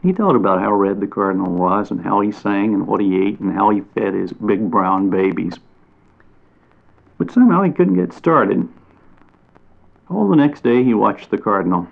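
A man reading a children's storybook aloud in a gentle, unhurried way, lingering on descriptive phrases. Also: fairly low pitch, expressive, gravelly. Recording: tinny phone-like audio.

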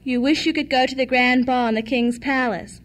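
A woman's voice: sits high, fairly even intonation, normal speed, close to an everyday voice. A woman doing a firm, kindly fairy godmother. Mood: commanding. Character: kind, commanding fairy godmother.

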